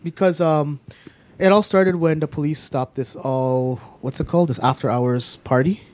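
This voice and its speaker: Animated rambling man, slightly high voice. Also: moderate pace. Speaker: podcast co-host. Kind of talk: casual chat.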